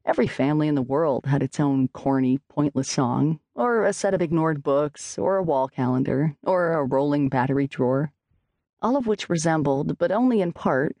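Brief: literary audiobook narrator, mellow and gravelly, dry studio sound. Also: mid-range voice, no room sound. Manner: measured, expressive reading.

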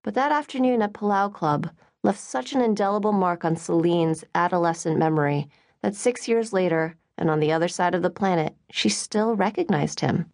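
A woman narrating an audiobook in an expressive reading voice. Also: on the low side, moderate pace, no room sound, clean studio sound.

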